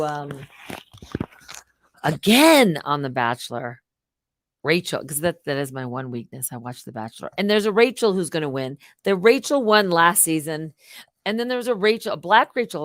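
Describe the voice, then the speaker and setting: A woman's voice: on the low side, normal speed, dry recording. Chatty woman live streamer, dry close sound. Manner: animated, swings between loud outbursts and muttered asides. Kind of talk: casual rambling live stream commentary.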